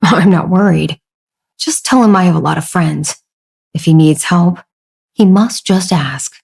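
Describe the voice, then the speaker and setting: A woman voicing a cheerful, vain young man who teases and boasts, with mellow, breathy tones. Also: lowish voice, measured pace, full character voice. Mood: boastful. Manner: teasing, boastful.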